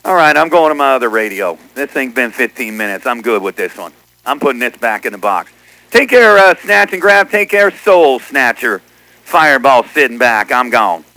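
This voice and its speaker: A man's voice: mid-range voice, very animated, moderate pace, heavy background noise. A man chatting casually as a CB radio operator, teasing others and repeating what they said on air.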